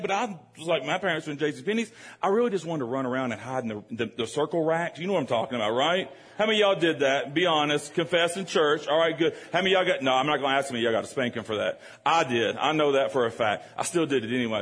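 Husky-voiced preacher telling a story. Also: male voice, a little high, fast, few pauses. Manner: animated, joking, addresses the congregation directly. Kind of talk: storytelling sermon.

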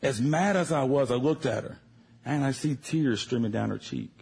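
A man preaching a sermon in a church service, telling a personal story in a conversational, animated way. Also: medium pitch, normal speed, gravelly, slightly rough.

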